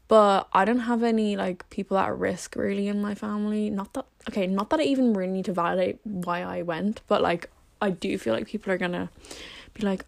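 A woman's voice: mid-range voice, steady tone, fast, vocal fry, no echo. A young woman in her late teens chatting casually to the camera, rambling with lots of fillers and poking fun at herself. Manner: rambling, filler-heavy, self-deprecating. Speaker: vlogger.

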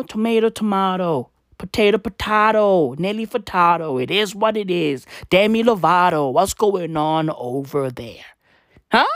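A man's voice: sits high, fairly bright tone, no room sound, clean studio sound. A man in a profane, rambling comedic rant who repeats his phrases and swears constantly. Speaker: vlogger.

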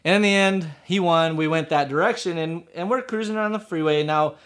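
A man tells a personal story in a loose, casual way, with a slightly high-pitched voice. His speech rambles and is full of fillers and restarts. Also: a little fast, fairly bright tone. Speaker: motorcycle rider telling a personal story.

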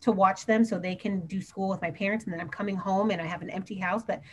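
A woman teacher chatting on a podcast, earnest and open, her speech running on in long unbroken stretches. Her voice sits at an ordinary middle pitch. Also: fairly even intonation, fast, a little hiss or hum. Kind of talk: casual podcast chat.

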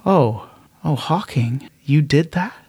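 A man's voice: a little high, lively intonation, slow pace, a little mellow, slightly rough, dry recording, pitched above the performer's own voice, exaggerated voice. A man voicing an earnest young spacefaring woman in a solo tabletop game, speaking in a stammering, surprised way. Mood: astonished.

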